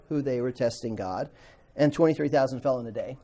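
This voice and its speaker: A man teaching a Bible class to students, animated, acting out quotes and asking the class questions. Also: mid-range voice, fairly quick.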